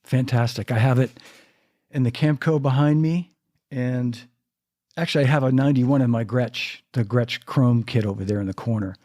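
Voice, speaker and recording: A man's voice: medium pitch, normal speed, mellow. Rambling, self-deprecating male drummer host. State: losing his voice. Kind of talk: casual live-stream chat. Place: home drum room.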